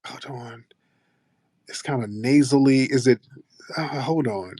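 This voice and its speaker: American man, casual host, profane teasing banter, mid-pitched, dry close sound. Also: a little slow, dark tone, husky, no echo. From United States. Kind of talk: casual live-stream chat.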